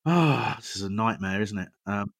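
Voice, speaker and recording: A man's voice: on the low side, expressive, normal speed, vocal fry. Rambling man hosting a podcast. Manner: jokey, rambling, self-deprecating. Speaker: podcast host. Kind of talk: casual chat.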